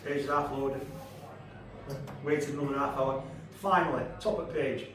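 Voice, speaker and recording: A man's voice: a little high, fairly even intonation, moderate pace. A man in his fifties with a Yorkshire accent doing a brash, sweary stand-up set on a comedy club stage. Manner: brash, sweary, crowd-teasing storytelling. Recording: echoey club, far from the mic, audience laughter.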